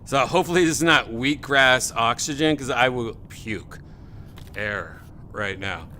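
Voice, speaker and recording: A man's voice: medium pitch, animated, measured pace, pushed and bright, a little hiss or hum. A man hosting a podcast, in loose casual chat with rambling, laughing riffs. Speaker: podcast host.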